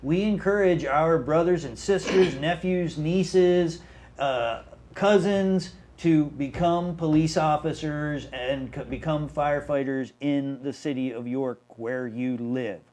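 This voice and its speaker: A man's voice: on the high side, slow, darkish tone. A man serving as a city mayor, earnestly explaining policy at length in a town hall discussion, restarting his sentences often.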